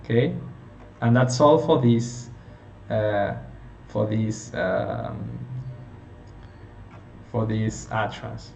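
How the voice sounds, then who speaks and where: A man teaching a phonetics lesson, explaining slowly and checking in with his listeners. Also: medium pitch, gravelly, darkish tone. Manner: slow, explanatory, checking in with "okay?". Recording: roomy, distant, dull lo-fi sound with faint hiss.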